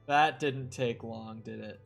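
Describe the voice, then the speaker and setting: A young man live-streaming a game, talking loosely to his chat with a voice of ordinary pitch. He drifts between greetings and mild cursing as he plays. Soft music hums faintly behind him. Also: steady tone, slow, vocal fry. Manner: chatty, swears, talks to chat while playing. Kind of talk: casual live-stream chat over gameplay.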